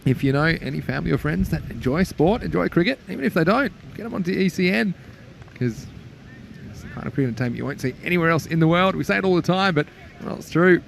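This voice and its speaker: A man giving live cricket commentary in a chatty way, rising with excitement when a wicket falls. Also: fairly high pitch, fast talker, vocal fry, slight background noise.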